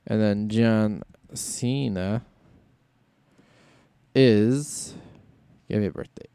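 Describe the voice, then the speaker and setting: A man's voice: on the low side, very slow, mellow, clean tone, dry recording. Rambling man hosting a solo podcast. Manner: rambling, thinks aloud, self-interrupting. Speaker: podcast host. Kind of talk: casual solo wrestling podcast talk.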